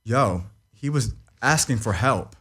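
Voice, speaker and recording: A man's voice: medium pitch, lively intonation, takes it slowly, bright, forceful tone, breathy edge. A young man telling a painful personal story as an interview guest. He rambles, repeats himself, swears and keeps asking "you know what I mean.". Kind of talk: emotional personal account in an interview.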